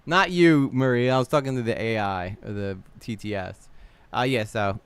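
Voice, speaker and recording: A man hosting a casual livestream reaction, animated and blunt, swearing freely while talking to his chat. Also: mid-range voice, normal speed, clean tone, no room sound. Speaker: livestream host.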